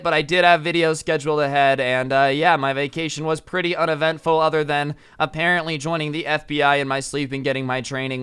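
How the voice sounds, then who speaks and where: A man's voice: on the high side, bright, forceful tone, clean tone. A young man, a YouTuber, casually telling a story with many fillers and an amused tone. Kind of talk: storytime vlog.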